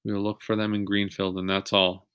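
A man reading the lines of a grumpy baker's wife in a children's story, curt and quick. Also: lowish voice, monotone, a bit bright, smooth, close to an everyday voice.

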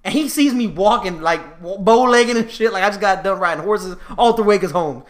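A man's voice: high-pitched, normal speed. A young man casually telling childhood stories, acting out voices and laughing often. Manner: animated storyteller, acts out voices, laughs often. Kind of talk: casual storytelling chat.

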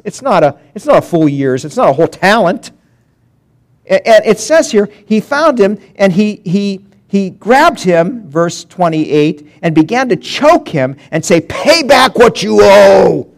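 Lively preaching man, high-pitched. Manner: animated preaching with long pauses, reading scripture aloud. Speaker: pastor. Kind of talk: sermon.

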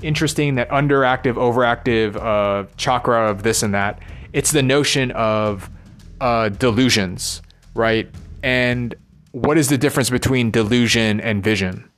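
A man talking through his frustrations in a rambling personal monologue, weary and halting, with frequent swearing. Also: mid-range voice, a bit bright, faint music behind. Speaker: vlogger.

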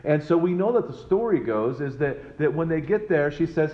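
A man's voice: on the high side, animated, moderate pace, hardly any pauses, highs cut off. A man teaching a Bible passage in a casual, conversational way, retelling the story in his own words with quoted lines and side remarks. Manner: conversational, retells scripture with quoted voices and asides; frequent fillers and restarts.

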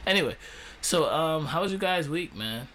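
A man's voice: on the high side, lively intonation, normal speed, sharp tone. A young adult man, hosting a casual podcast, laughing and trash-talking in loose slang. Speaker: podcast host. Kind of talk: casual banter. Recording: noisy room recording.

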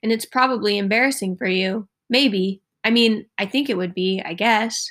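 A woman's voice: medium pitch, moderate pace, fairly bright tone, close to an everyday voice. A woman reading aloud as an unsure schoolgirl who speaks hesitantly.

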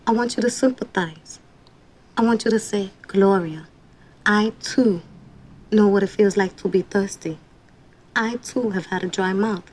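A woman's voice: medium pitch, a little slow, pauses often, darkish tone, lightly acted, low-quality recording. An actress playing a fed-up, demanding woman who lectures with biting sarcasm in a film scene. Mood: sarcastic lecturing. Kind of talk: film dialogue.

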